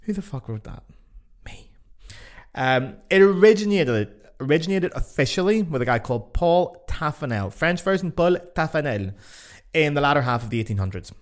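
A man's voice: on the high side, very animated, fairly quick. A Northern Irish man hosting a podcast in a casual monologue, blunt and sweary, mocking himself as he goes. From Northern Ireland. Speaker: podcast host.

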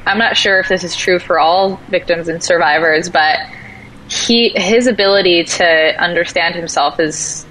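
A woman talking casually as a podcast guest, animated, acting out quoted voices as she tells stories. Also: fairly low pitch, normal speed, a little hiss or hum, poor audio. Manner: animated storyteller, acts out quotes. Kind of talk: casual conversation.

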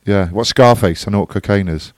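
A man's voice: lowish voice, a little fast, no room sound, clean studio sound. A man co-hosting a podcast, teasing his friend in casual banter. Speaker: podcast co-host. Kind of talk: casual chat.

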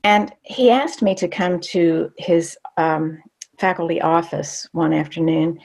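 An older woman recounting a memory from her own life, her voice low and touched with a gravelly fry. She talks candidly and reflectively, pausing and restarting as she recalls. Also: steady tone, a little mellow. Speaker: storyteller. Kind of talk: personal storytelling.

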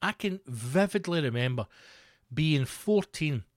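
Scottish male host, sardonic rant, fairly high voice, dry sound. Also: expressive, unhurried, no echo. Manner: sweary, sardonic, emphatic. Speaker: podcast host. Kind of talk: casual comedic rant.

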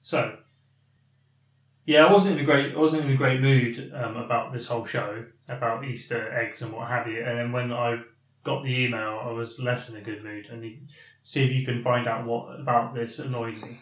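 A man's voice: medium pitch, fairly even intonation, normal speed. A man co-hosting a podcast, chatting casually with dry, teasing humour and reading a listener's email aloud. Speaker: podcast co-host. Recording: roomy echo.

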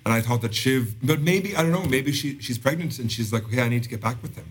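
A man's voice: mid-range voice, fast talker, husky. A man as a podcast guest, chatting casually and with strong opinions as he recaps a TV show. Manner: animated, opinionated, laughs often.

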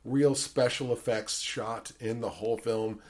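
A man's voice: mid-range voice, fairly even intonation, a little slow, darkish tone. Male podcast host, loose rambling delivery, heavy fillers, casual profanity. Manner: rambling, swears a lot, many fillers. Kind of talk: casual chat.

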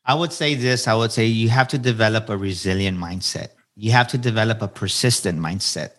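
A man in his forties, with a lowish, slightly bright voice, speaks briskly as a podcast guest giving candid, storytelling answers. He's earnest, shifts toward motivational points, and repeats key phrases so they land.

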